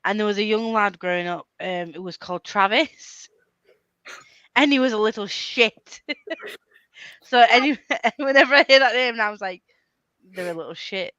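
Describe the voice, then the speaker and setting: A woman's voice: a little high, moderate pace, fairly bright tone, clean tone, no room sound, muffled recording. A woman hosting a casual video chat with friends, giggling and rambling. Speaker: book vlogger hosting a chat.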